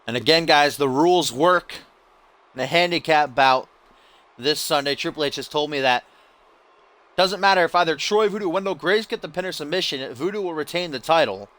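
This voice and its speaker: A man's voice: a little high, expressive, brisk, fairly bright tone. A man doing casual play-by-play commentary over a wrestling video game, rambling and joking as he goes. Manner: joking, rambling, playful asides.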